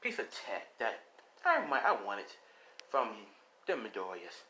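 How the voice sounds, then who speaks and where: A man voicing a sly, teasing female cat burglar in a fan story, speaking softly and lower than his narration. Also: huge pitch swings, a little slow, slight background noise, exaggerated voice.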